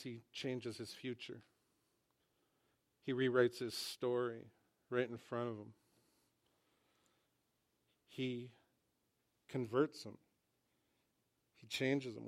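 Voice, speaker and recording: Brief: a mid-pitched man preaching in a church, casual and storytelling. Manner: conversational, animated storytelling with humor. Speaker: pastor. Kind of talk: sermon.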